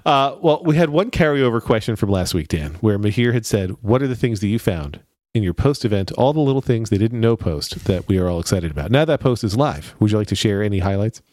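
A man's voice: fairly low pitch, lively intonation, a little fast, hardly any pauses, darkish tone, dry recording. Man, podcast host, dry close-mic sound, wry and teasing. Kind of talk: casual chat.

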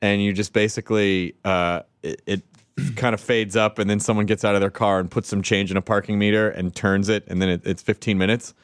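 Halting, joking man with a dry sound. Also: on the low side, fairly even intonation, smooth, dry recording. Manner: halting, joking, restarts sentences. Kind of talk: casual comedic chat.

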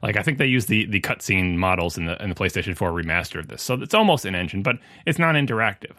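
Guy on a podcast panel, low-ish bright voice, dry close mic, rambling opinions. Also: animated, fast talker, dry recording. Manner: opinionated, talks in long runs with restarts. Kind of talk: casual podcast discussion.

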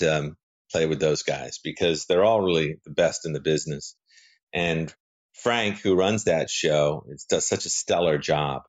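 A male actor giving a casual interview as a guest, rambling with frequent restarts and fillers. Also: low voice. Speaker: soap opera actor guest.

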